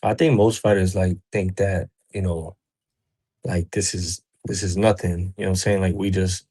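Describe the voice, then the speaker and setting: A man's voice: low-pitched, steady tone, normal speed, warm tone, breathy edge. A man who works as a boxing coach, talking in a laid-back, casual way and constantly checking in with "you know what I'm saying.". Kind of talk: casual interview chat.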